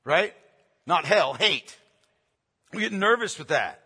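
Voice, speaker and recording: Emphatic pastor preaching in a hall. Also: male voice, high-pitched, very animated, slow pace, sharp tone, breathy edge. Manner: earnest, emphatic, repeats key phrases. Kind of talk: sermon.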